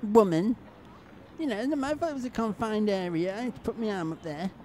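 A man's voice: high-pitched, a little fast, darkish tone. A man vlogging a holiday with cheeky, teasing commentary, outdoors in a busy tourist town. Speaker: travel vlogger. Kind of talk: casual handheld travel commentary. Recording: busy crowd noise around.

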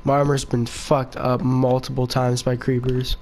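A man giving casual gameplay commentary with excitable, cursing outbursts. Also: medium pitch, normal speed, a little hiss or hum. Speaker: gaming video creator.

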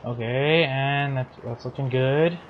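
A man's voice: medium pitch, slow pace, phone-quality sound. A man with a scratchy throat giving playful, silly commentary while playing a game. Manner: playful, silly self-narration. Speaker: let's play host.

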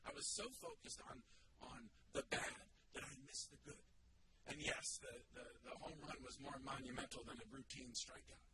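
A man in his fifties giving an animated motivational talk in an auditorium, telling stories and acting out dialogue. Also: medium pitch, normal speed, vocal fry, distant mic, heavy background noise. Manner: animated, acts out quotes in dialogue. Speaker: motivational speaker.

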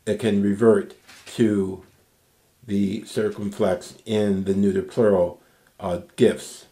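Slow, low-voiced man teaching Greek. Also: dark tone. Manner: slow, patient explanation with frequent "okay?" checks. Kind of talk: recorded language lecture.

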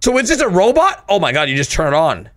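A man hosting a casual reaction commentary in an excitable way, often bursting into loud laughter and gasps. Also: high voice, quick pace. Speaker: host.

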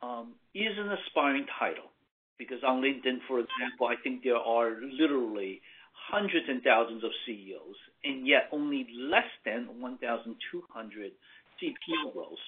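Animated man on a tinny line. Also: mid-range voice. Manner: measured, emphatic, with fillers and pauses. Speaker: consulting firm executive presenting. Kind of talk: webinar presentation.

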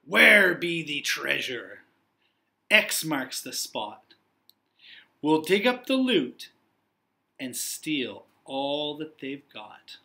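A man voicing a gruff, bossy male pirate captain who growls slow, loud threats in a storybook read-aloud. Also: fairly high pitch, very animated, full character voice. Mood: gruff, menacing.

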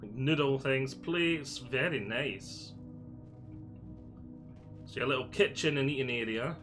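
Scottish guy doing a casual game tour, bright voice, bit of music in the background. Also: mid-range voice, slow. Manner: chatty and jokey, thinking aloud. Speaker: gaming video creator. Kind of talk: casual game walkthrough commentary.

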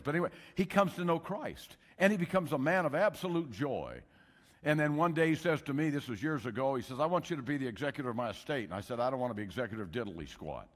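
An older man preaching a sermon, telling a story with loud emphasis and hushed asides. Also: mid-range voice. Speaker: pastor. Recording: long hall reverb.

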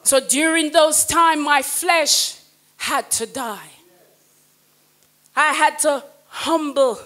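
Middle-aged female evangelist; very high, bright tone; fervent testimony sermon, hushed to shouting. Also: steady tone, slow pace, pauses often. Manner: impassioned, swings from hushed to shouted praise.

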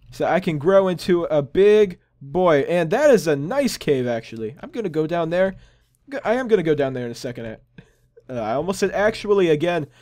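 A man's voice: on the high side, darkish tone. A young man hosting a gaming channel, chatting casually and rambling with upbeat, self-amused asides while he plays. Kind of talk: casual gameplay commentary.

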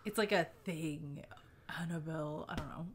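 A woman's voice: low voice, moderate pace, a little hiss or hum. A woman co-hosting a podcast in casual chat, laughing often and filling her talk with "like.". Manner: chatty, giggly, lots of "like". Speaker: podcast co-host.

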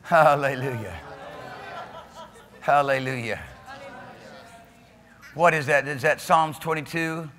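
A man preaching a sermon as pastor, fervent, dropping to quiet talk and rising to shouts. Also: on the high side, slow pace, long pauses, long reverb tail, some chatter behind. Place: church sanctuary.

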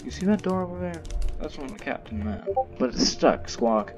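A man's voice: on the high side, expressive, moderate pace, voice pushed up, lightly acted. A man voicing a pompous, bossy talking male seagull from a video game, with game music behind. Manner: haughty, bossy, reading dialogue aloud.

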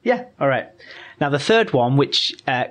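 A man talking as a podcast guest, patient and methodical, often restarting mid-sentence as he explains. His voice sits at an ordinary middle pitch, in a relaxed, casual conversational manner. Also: measured pace.

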